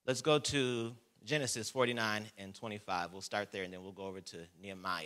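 A man preaching a sermon as pastor, reading scripture with slow emphasis and calling on the congregation to repeat words. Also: fairly low pitch, steady tone, a bit bright.

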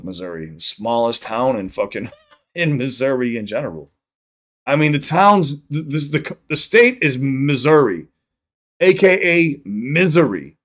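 Rambling high streamer from Chicago. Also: male voice, a bit bright. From South Side of Chicago. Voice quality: rambling, profane, repeats himself. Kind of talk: casual livestream chat.

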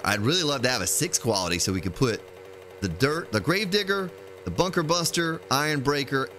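A man's voice: medium pitch, a little hiss or hum. Chatty male game streamer. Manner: chatty, thinks aloud while playing. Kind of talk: casual gameplay commentary.

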